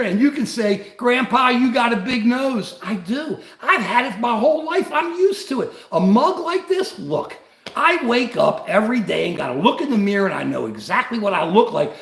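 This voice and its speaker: A man's voice: sits high, gravelly, roomy sound. An older man and grandfather, host of a livestream, giving rambling, combative political commentary.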